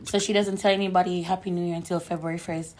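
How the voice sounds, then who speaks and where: A woman with a slightly low, hoarse voice co-hosts a casual podcast. She chats in a lively, rambling way, full of fillers as she sets up stories. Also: quick pace. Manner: chatty, animated storyteller with frequent fillers. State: hoarse from shouting. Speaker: podcast co-host. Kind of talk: casual chat.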